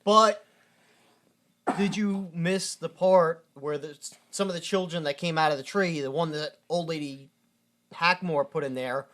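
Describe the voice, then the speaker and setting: Young man, podcast co-host, unhurried, laughs a lot, swears casually. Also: on the high side, fairly bright tone. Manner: laid-back, laughs often, blunt swearing. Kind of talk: casual movie-recap chat.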